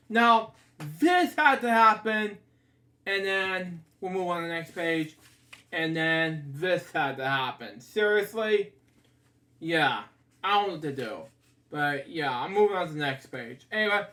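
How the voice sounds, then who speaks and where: A man's voice: sits high, bright, forceful tone. A man casually reading a children's picture book aloud, often stumbling, stopping to comment and apologizing to his listeners. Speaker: storybook reader.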